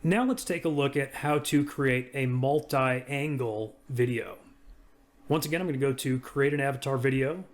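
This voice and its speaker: Casual man narrating a software demo. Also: medium pitch, normal speed. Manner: casual, talks through each click. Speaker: software reviewer. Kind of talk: screen-recorded software walkthrough.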